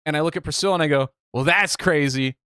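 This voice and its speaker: A young man from the Midwest telling a story on a podcast in a casual, animated way, swearing freely and acting out what people said. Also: fairly high pitch, fast talker, smooth, no room sound, studio quality. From Midwest United States. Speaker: podcast co-host.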